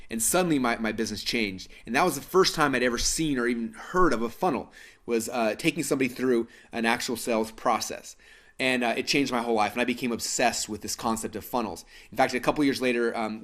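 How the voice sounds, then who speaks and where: A man in his thirties from Idaho tells a story to a live webinar audience. His middle-pitched voice races along, full of fillers and quick restarts. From Idaho, USA. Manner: fast, animated storytelling with many fillers and restarts. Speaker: webinar presenter.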